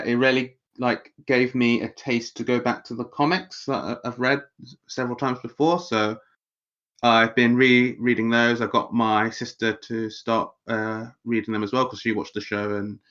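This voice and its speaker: A man's voice: mid-range voice, flat delivery, moderate pace, fairly bright tone, highs cut off. A man co-hosting a podcast who talks in casual chat, rambling and hesitant with many fillers. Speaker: podcast co-host.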